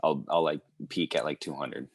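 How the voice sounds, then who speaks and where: A young man chats as a podcast guest in a relaxed, easygoing way. His voice is very low, and the recording is dry and close with no room sound. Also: moderate pace, husky, no echo. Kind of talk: casual chat.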